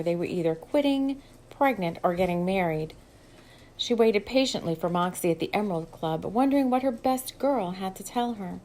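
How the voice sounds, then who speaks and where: A woman's voice: mid-range voice, darkish tone, rough recording. A woman steadily reading her own novel aloud as an audiobook. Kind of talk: audiobook narration.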